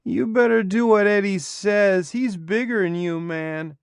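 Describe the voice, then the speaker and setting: Man doing a young woman, slurred speech, taunting, high voice, dry sound. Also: takes it slowly, vocal fry, clean tone, dry recording, heavily acted.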